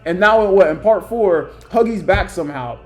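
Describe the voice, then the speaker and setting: A young man ranting casually about characters he would put on a list, rambling and acting out quoted lines in higher voices. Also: expressive, moderate pace. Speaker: YouTuber ranking characters.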